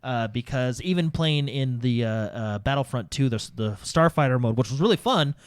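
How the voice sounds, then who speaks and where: A man's voice: mid-range voice, expressive, moderate pace, clear, resonant tone, no echo. Male podcast co-host, casual gaming talk, rambly with fillers, dry close sound. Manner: rambling, lots of fillers and restarts.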